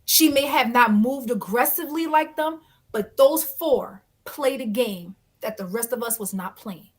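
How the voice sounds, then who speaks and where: A woman guest on an interview podcast, telling a story in a blunt, dramatic and expressive way, acting out other people. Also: fairly high pitch, a little slow, breathy edge. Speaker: guest, reality dating show cast member.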